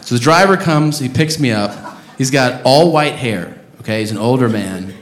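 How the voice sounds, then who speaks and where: Profane stand-up comedian ranting. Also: male voice, medium pitch, moderate pace. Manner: profane, loud ranting bursts. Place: comedy club stage. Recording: roomy club sound with noise.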